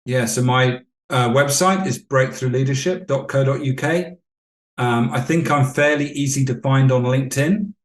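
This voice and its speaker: A man talking as a leadership coach guest on a podcast, explaining calmly and telling anecdotes. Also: medium pitch, normal speed, echoey room. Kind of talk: podcast interview storytelling.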